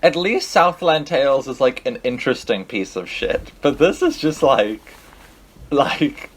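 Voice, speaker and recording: A man in casual film-review chat on a podcast, blunt and dismissive, swearing as he talks. His pitch swings widely, around an ordinary middle level. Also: animated, unhurried, slight background noise. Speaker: podcast co-host.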